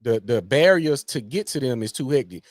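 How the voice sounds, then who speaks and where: A man in casual podcast chat, animated and emphatic, repeating his points for effect. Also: mid-range voice, normal speed, no echo, clean studio sound. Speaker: podcast co-host.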